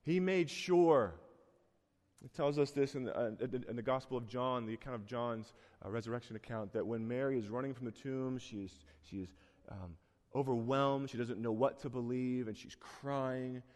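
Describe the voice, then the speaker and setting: A man's voice: medium pitch, steady tone, normal speed. A man preaching a sermon in a church, conversational and earnest, with sudden rising bursts of emphasis. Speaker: pastor. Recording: long hall reverb.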